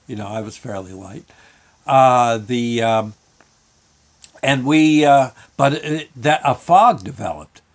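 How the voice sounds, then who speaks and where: An older man hosting his own show, telling a rambling childhood story with chuckles and halting restarts. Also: mid-range voice. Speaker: show host.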